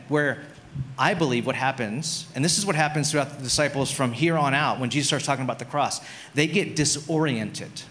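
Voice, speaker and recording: A man's voice: fairly high pitch, a bit bright. A pastor preaching a sermon in a conversational way, often restarting and saying "like" as he thinks aloud.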